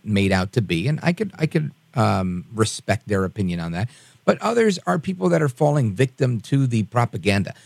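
A man hosting a political talk show, talking in an animated, conversational and rambling way. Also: on the high side, creaky, no room sound.

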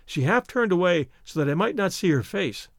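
A male audiobook narrator reads an old novel with expressive, dramatic delivery. His pitch is somewhat high and swings lively up and down. The recording is close and completely dry, with no room sound. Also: normal speed, no echo. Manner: expressive, voices the characters' quarrels. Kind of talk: scripted narration of a classic novel.

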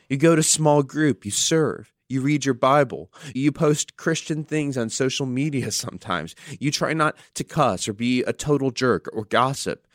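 A man's voice: fairly high pitch, measured pace, hardly any pauses, no echo, clean studio sound. A male pastor giving an earnest sermon, telling a story and reading scripture with dramatic emphasis.

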